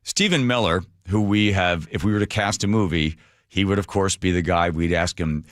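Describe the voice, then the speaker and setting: A man's voice: deep voice, normal speed, dry recording. A man hosting a talk radio show, delivering sarcastic commentary full of mocking rhetorical questions into a studio microphone.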